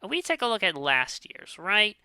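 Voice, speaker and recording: A woman's voice: mid-range voice, sing-song, normal speed, sharp tone, smooth, no echo. A woman co-hosting a wrestling predictions show, swearing freely and ranting, swinging between fuming outbursts and tired sighs. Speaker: podcast co-host. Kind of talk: casual wrestling prediction chat.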